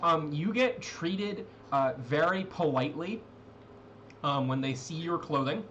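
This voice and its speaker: A man's voice: fairly high pitch, animated, a little slow, fairly bright tone, lo-fi sound, a little hiss or hum. A man narrating a tabletop role-playing game as game master, rambling with many fillers and restarts.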